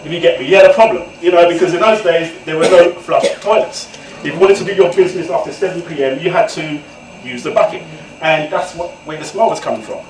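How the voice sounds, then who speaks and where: Man, animated storyteller, high voice, roomy echo. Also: fast talker, crowd noise. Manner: animated, laughs often. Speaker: author, guest speaker. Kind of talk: comic storytelling to an audience. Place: event room indoors. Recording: echoey room from far off, noisy.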